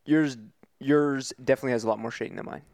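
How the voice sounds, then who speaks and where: A young man co-hosting a podcast, talking in a relaxed, hesitant casual way. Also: mid-range voice, quick pace, no echo. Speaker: podcast co-host. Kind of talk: casual chat.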